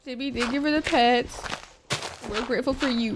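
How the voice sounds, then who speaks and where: High-pitched, emotional woman streamer. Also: moderate pace, noisy background. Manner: gushing, emotional, swears freely. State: teary, crying. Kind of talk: casual live-stream chat. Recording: music playing behind. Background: background music.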